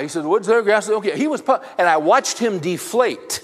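Middle-aged male speaker, fairly high pitch, chatty storytelling sermon to men, recorded in a reverberant hall. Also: animated, fast, hardly any pauses. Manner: rambling anecdotes with rhetorical questions to the audience. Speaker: speaker addressing a men's audience.

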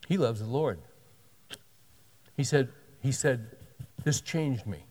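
A man's voice: medium pitch, slow, warm tone, big-room sound. A male pastor telling a story in a sermon, animatedly acting out the dialogue of the people in it.

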